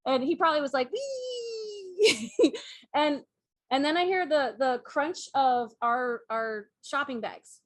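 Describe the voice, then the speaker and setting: Woman, co-host, lively storyteller, laughs a lot, slightly high voice, dry close sound. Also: unhurried, no echo. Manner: animated, laughing, acts out cat and mouse voices. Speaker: podcast co-host. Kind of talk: casual storytelling chat.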